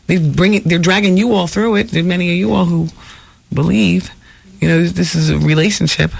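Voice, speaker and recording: A woman's voice: fairly low pitch, brisk, creaky, slightly rough, no echo. Chatty gossiping woman radio host. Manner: chatty, gossipy, animated asides to listeners. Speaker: radio talk show host. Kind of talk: celebrity gossip talk radio. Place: radio studio.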